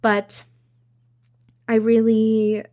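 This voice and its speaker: A woman's voice: fairly high pitch, monotone, drawn-out words, mellow. Chatty young woman podcaster. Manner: chatty, rambling, many fillers and restarts. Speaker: podcast host. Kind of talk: casual solo podcast monologue.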